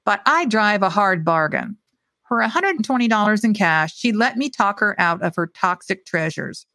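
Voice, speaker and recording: Woman author reading her story aloud, expressive, dry close mic. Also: mid-range voice, normal speed, no echo. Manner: expressive reading, hesitant in chat. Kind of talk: storytelling reading, then casual chat.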